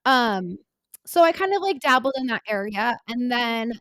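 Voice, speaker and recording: A young woman in her twenties shares her story on a podcast in a halting, earnest manner, filling every pause with small words. Her voice sits a little high. The sound is dry and close, with no room around it. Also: expressive, a bit bright, dry recording. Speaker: podcast co-host. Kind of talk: candid personal conversation.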